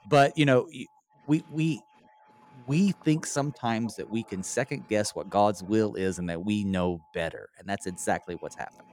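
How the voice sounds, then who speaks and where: A man leading a conversational Bible study, animated and acting out quoted lines in a lifted voice. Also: lowish voice, normal speed. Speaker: pastor.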